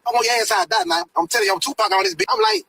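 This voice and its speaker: A man ranting live on his stream in profane street slang, pushing his voice high for emphasis. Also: sing-song, rapid-fire, creaky, bright, forceful tone, faint music behind, low-quality recording. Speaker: live streamer reacting to a rap video.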